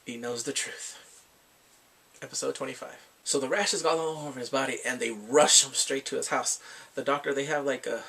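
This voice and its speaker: A man's voice: mid-range voice, fairly even intonation, moderate pace, vocal fry, sharp tone, breathy edge. A man casually recapping drama episodes, rambling and filling his talk with "like" and acted-out quotes. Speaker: drama reviewer.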